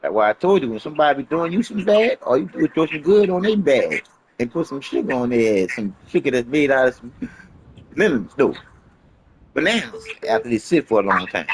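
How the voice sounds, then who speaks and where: A man's voice: medium pitch, big pitch swings, a little fast, a little hiss or hum. A man delivering a rambling, emphatic motivational monologue in casual street slang, repeating his points and swearing often. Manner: emphatic, profane, repetitive preaching.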